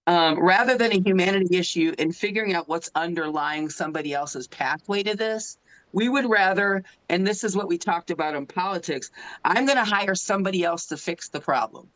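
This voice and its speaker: A woman's voice: lowish voice, fairly quick, fairly bright tone, rough recording. Earnest middle-aged woman giving a talk. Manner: earnest, emotional, keeps asking the audience "right?". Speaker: guest speaker and advocate. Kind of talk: impassioned public talk. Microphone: phone.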